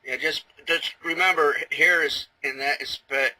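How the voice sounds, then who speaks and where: Husky, bright-toned man giving advice. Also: fairly high pitch, fairly even intonation, a little slow, dry recording, low-quality recording. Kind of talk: casual chat. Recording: dry radio-show recording.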